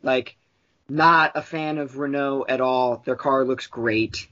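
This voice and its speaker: A man's voice: mid-range voice, fairly even intonation, slow, sharp tone, dull audio. A man co-hosting a podcast in casual chat, rambling and swearing, with lots of fillers. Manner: rambling, profane, with frequent fillers. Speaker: podcast co-host.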